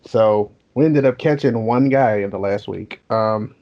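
A young man in his twenties telling a profane, animated story in casual chat, laughing as he goes. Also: on the low side, unhurried. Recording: dull lo-fi sound.

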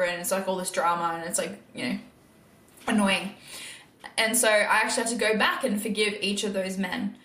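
A woman's voice: mid-range voice, fairly even intonation, normal speed, pushed and bright. Earnest woman talking faith, echoey room. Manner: earnest, candid, laughs often; acts out her own past thoughts in quoted asides. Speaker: podcast host. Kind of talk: faith-based podcast monologue.

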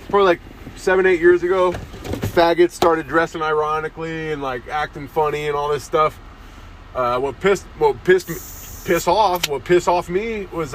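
A young man rants through a comedy podcast monologue, swearing freely and tacking "dude" onto his lines. His voice sits a bit high for a man. It is recorded on a phone held close to his face outdoors, with faint street sounds behind him. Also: a bit bright, a little hiss or hum. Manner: crude, swearing, says "dude" constantly. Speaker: podcast host. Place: outdoors in a town, near parked cars.

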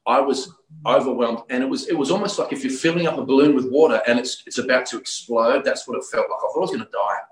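A man from Australia, middle-aged or older, telling his personal story of religious conversion as a guest, earnest and full of halting restarts. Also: mid-range voice. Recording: roomy echo.

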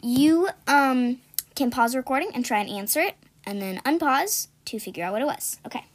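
A woman's voice: high voice, expressive, fairly quick, slight background noise. A young woman co-hosting a casual podcast, reading jokes aloud and explaining the punchlines with lots of giggling. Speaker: podcast co-host.

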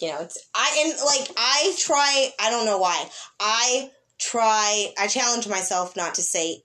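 A woman's voice: fairly low pitch, normal speed, fairly bright tone. A woman co-hosting a casual podcast, playful and bubbly, joking with her friend. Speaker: podcast co-host. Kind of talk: casual chat.

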